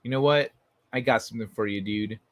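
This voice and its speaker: A man's voice: lowish voice, fairly quick. Laid-back man hosting a late-night stream. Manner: relaxed, profane, reads chat messages aloud. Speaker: livestream host. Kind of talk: casual late-night chat.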